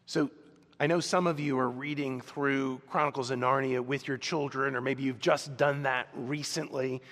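A man's voice: medium pitch, steady tone, normal speed, a bit bright. A man preaching a sermon as pastor, earnest and conversational, with some fillers. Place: church. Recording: long reverb in large hall.

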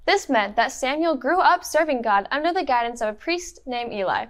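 A woman narrating a Bible story for children in a clear, encouraging teacher tone. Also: high-pitched, lively intonation, normal speed. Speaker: children's Bible lesson leader. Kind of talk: interactive Bible storytelling for kids.

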